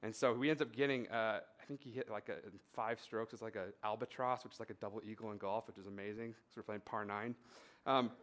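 A man in a mid-pitched voice giving a conversational sermon, telling a personal story with fillers and building emphatic repetitions. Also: steady tone, fairly quick, fairly bright tone. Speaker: pastor.

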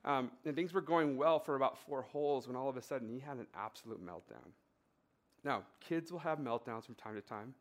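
A man in a mid-pitched voice giving a conversational sermon, telling a personal story with fillers and building emphatic repetitions. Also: lively intonation, fairly quick. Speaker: pastor.

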